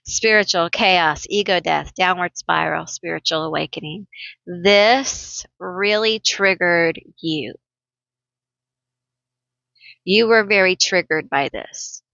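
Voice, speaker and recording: Bright-voiced woman reading tarot. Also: on the low side, measured pace, gravelly, no echo, highs cut off. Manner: chatty, emotional, thinking aloud while pulling cards. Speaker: tarot reader. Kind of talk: casual tarot reading to viewers.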